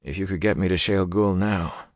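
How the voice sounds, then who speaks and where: A man's voice: sits low, moderate pace, dry recording, studio quality, natural voice. A man voicing a wounded young male hero who talks in a drowsy, bitter way.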